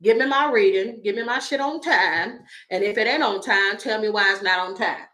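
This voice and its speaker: A woman's voice: medium pitch, normal speed, noisy background. A woman reading tarot on a casual livestream, blunt and profane, laughing often as she talks to her viewers. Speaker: tarot reader.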